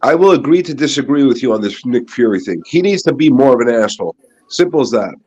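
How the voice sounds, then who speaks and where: A man's voice: medium pitch, lively intonation, fast, darkish tone, breathy edge. A man joking and arguing in a casual stream chat. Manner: joking, argumentative. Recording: dull lo-fi stream audio.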